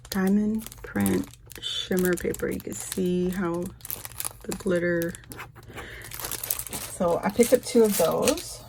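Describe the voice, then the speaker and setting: Woman vlogger, low-pitched and unhurried, rambling haul chat with sudden high gushing squeals. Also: slight background noise. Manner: rambling and chatty, gushes in high squeals over cute items. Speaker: craft vlogger. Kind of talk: casual shopping haul chat.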